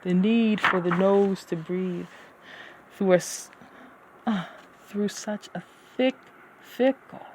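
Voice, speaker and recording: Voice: mid-range voice, takes it slowly, long pauses, slight background noise. Brooding, dramatic poetry reader. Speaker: poet. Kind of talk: poetry reading.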